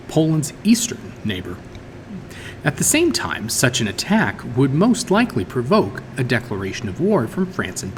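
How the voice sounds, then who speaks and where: A man's voice: medium pitch, big-room sound, slight background noise. A man reading a history textbook chapter aloud like a teacher, with the odd stumble and self-correction. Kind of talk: read-aloud textbook narration.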